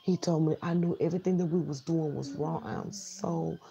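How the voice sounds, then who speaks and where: A woman quietly voicing a remorseful young woman who pleads and apologizes over and over. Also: low-pitched, steady tone, normal speed, creaky, slightly rough, heavily acted. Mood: pleading, hushed. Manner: hushed, pleading, repetitive apologies.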